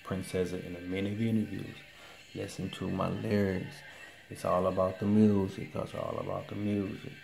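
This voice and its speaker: A man telling a story to the camera in a casual, excitable way, repeating his exclamations. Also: low voice, normal speed, creaky, soft background music.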